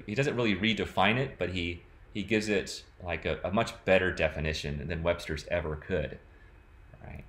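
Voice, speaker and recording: A man's voice: low-pitched, a bit bright. A man talking casually and reflectively to the camera, rambling with many "like"s and "you know"s. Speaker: vlogger.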